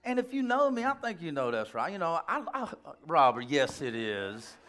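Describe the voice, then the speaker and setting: A male pastor preaching a sermon in an animated, joking way, with rambling asides. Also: high voice, a little fast.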